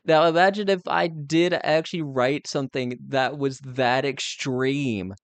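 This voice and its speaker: A young man with a voice on the high side chats casually as a live streamer, with no room sound. He speaks candidly and rambles, using lots of filler words.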